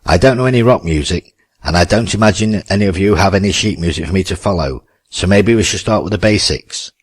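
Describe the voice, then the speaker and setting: A man's voice: low-pitched, brisk, husky. A man voicing Charles, a polite and reserved older pianist. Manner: polite, restrained.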